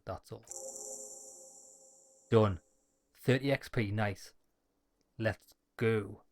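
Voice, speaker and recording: A gaming YouTuber reads the lines of a dialogue-heavy game aloud, dropping wry jokes in between. His voice is mid-range and a little mellow.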